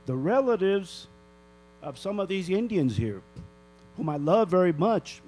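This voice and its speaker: An older man from northern New Mexico stands at a public comment microphone in a council chamber, scolding the officials with indignant rhetorical questions. His voice sits fairly high for a man. A steady electrical hum runs under the recording. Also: measured pace, poor audio.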